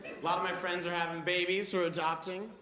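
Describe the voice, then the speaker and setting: A man in his late twenties doing a stand-up set on a comedy club stage, telling quick, wry stories and switching into animated voices for other people. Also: sits high, some chatter behind. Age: late 20s. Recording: roomy club sound with audience noise.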